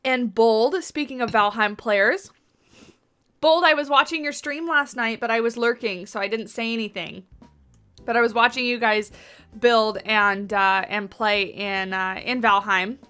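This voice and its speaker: Bright-voiced chatty woman streamer. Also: on the high side, unhurried, clean tone. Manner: chatty, rambling, talks to chat readers. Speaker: livestreamer. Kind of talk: casual chat while building in a game. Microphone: USB desktop mic on boom arm.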